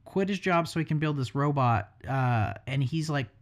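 Rambling, foul-mouthed young tattoo artist in loose podcast talk. The voice sits at an everyday middle pitch and hops between tangents with wry asides. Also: animated, moderate pace. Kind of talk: casual podcast chat.

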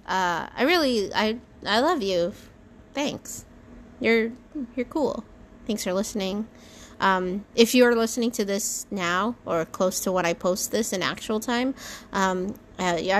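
A woman's voice: on the high side, a bit bright. A woman hosting her own podcast in a casual solo monologue. She rambles, swears freely, and talks herself through restarts. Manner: rambling, swears freely, lots of fillers and self-talk. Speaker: podcast host.

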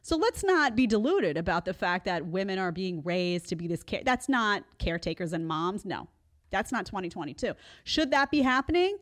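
A woman in her forties hosts a live show with a lively, swooping delivery. She talks back to clips with sarcasm and often slips into mocking voices. Her pitch sits mid-range for a woman. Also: normal speed. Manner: sarcastic, animated, mocks others in put-on voices. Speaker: host.

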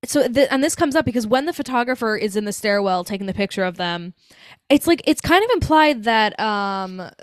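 A woman's voice: medium pitch, animated, a little fast, no room sound, studio quality. A woman co-hosting a podcast, chatting casually and animatedly about a film, swearing freely and laughing often. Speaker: podcast co-host. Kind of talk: casual chat about a movie.

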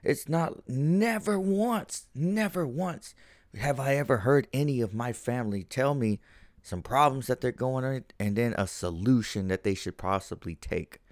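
A man's voice: mid-range voice, moderate pace, no room sound, clean studio sound. A man hosting a casual solo podcast from home, ranting with lots of swearing and working himself up as he talks. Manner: profane, ranting, gets heated. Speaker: podcast host.

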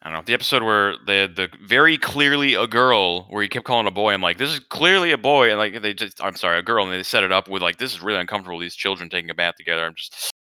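A man's voice: deep voice, rapid-fire, few pauses, sharp tone, clear, resonant tone, dry recording. A man hosting a podcast, chatting casually with a laid-back, dry manner. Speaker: podcast host. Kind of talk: casual chat.

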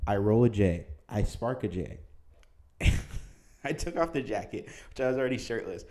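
A young man in his twenties telling a wild party story in casual chat, animated and laughing, acting out the people in it. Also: fairly low pitch, moderate pace. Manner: animated, laughing, acts out voices in quotes.

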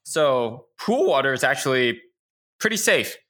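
Bright, lively joking man. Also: mid-range voice, unhurried. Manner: jokey, laughs often, reads facts aloud. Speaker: podcast co-host. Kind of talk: casual chat.

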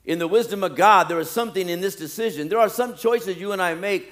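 Animated preacher man, higher voice. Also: fast talker. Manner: animated preaching that swings from loud pleading to low asides. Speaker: pastor. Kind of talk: sermon.

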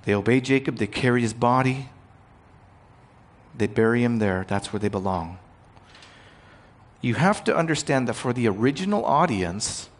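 A man preaching a sermon, growing loud and emphatic on key points and retelling scripture in casual modern paraphrase. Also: mid-range voice. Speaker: pastor.

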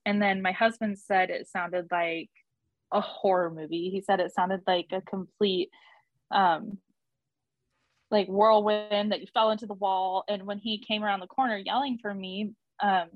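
A young woman tells her birth story as a guest in an interview, speaking conversationally, laughing frequently, and livening up when quoting others. She has a medium-pitched voice, heard through narrow, tinny audio with no room sound.

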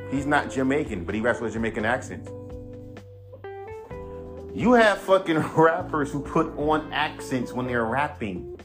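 Animated, profane man ranting laid-back. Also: fairly high pitch, moderate pace, music in the background. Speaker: podcast host, rapper. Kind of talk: casual monologue.

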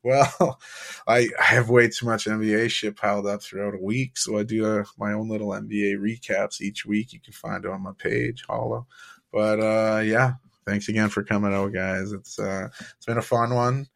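A man's voice: on the low side, level tone, normal speed, vocal fry, fairly bright tone. A young man with a laid-back, chatty manner, hosting a casual sports podcast and telling stories with easy laughs. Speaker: podcast host. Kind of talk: casual sports recap and storytelling.

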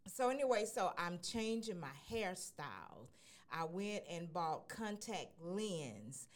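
Woman with a slightly low voice, earnest, a bit halting, speaking as a radio co-host. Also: very animated. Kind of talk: casual personal testimony.

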